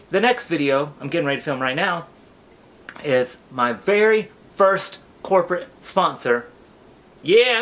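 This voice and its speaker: Goofy animated young man vlogging. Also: on the high side. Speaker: YouTuber. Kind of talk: casual vlog chat to camera.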